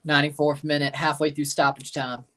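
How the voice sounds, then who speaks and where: A man's voice: on the high side, little pitch movement, fairly quick, pushed and bright, slight background noise. A man hosting a live match watchalong, chatting casually and answering viewer comments as he reads them. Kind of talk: casual live reaction chat.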